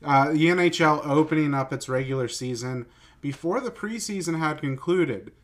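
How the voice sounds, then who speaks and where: A man's voice: on the high side, moderate pace. A man from the United States co-hosting a sports podcast, chatty and full of filler words. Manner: chatty, heavy use of "like". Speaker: podcast co-host. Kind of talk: casual sports chat.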